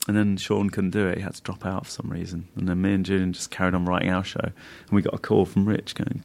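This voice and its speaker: A man, a comedian guest, telling lively anecdotes in casual chat, laughing often and mimicking other people's voices. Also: sits low, fairly quick, gravelly.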